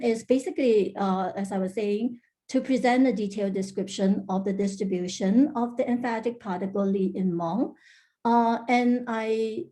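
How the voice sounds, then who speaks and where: A woman with a mellow, soft-edged voice presents research at an academic workshop over a video call. She explains step by step, pausing often on fillers and restarting her phrases. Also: medium pitch. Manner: frequent "uh" fillers and restarts, careful explanatory delivery. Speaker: linguistics researcher presenting a talk.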